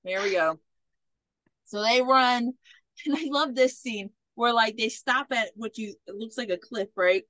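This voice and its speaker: A woman hosting a podcast, recapping a movie in a casual, animated and profane way. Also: a little high, unhurried, dry recording. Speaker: podcast host.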